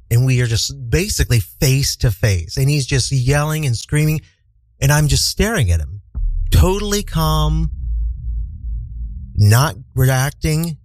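A man's voice: medium pitch, no room sound, rough recording. A man from the American Midwest telling a story to his viewers, dry and sarcastic with frequent profanity. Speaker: vlogger. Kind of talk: casual storytelling to camera.

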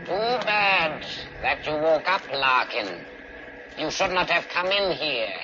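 Cold alien thing talking thru a guy, slow and flat, kinda high, old radio play. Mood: menacing. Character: cold alien intelligence speaking through a man's body. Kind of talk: old-time radio drama acting. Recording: muffled old radio recording with music.

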